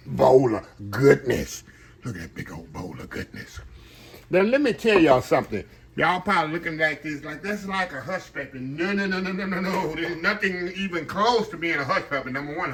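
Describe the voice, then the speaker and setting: This middle-aged kitchen manager, also a home cook, talks eagerly to the camera on its tripod while making a casual cooking vlog indoors in his own kitchen. "Y'all" comes up again and again as he speaks to viewers. His pitch is medium, and there's a faint hiss or hum in the audio.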